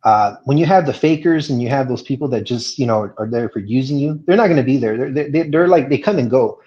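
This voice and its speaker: Earnest halting man on dull audio. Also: mid-range voice, mellow. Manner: earnest, halting, many fillers and restarts. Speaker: guest. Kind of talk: live chat Q&A. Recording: dull lo-fi sound.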